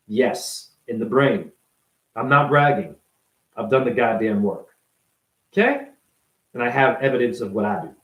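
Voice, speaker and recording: A man ranting to camera in a profane, mocking monologue, firing rapid rhetorical questions at the viewer. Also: mid-range voice, rough recording. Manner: profane, mocking, swings between shouting and murmuring. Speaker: self-styled spiritual vlogger.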